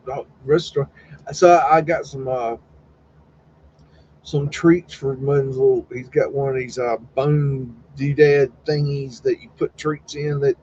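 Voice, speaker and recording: A mid-range, darkish-toned male voice carries this loose live stream chat. He rambles folksily, curses casually and reenacts exchanges in quoted voices, all over a slightly dull recording with faint background noise.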